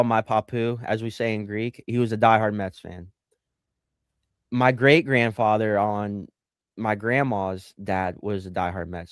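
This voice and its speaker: Lively male sports podcast co-host. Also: fairly low pitch, clean tone, dry recording, clean studio sound. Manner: animated, jokey, reads out live comments. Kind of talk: casual sports podcast chat.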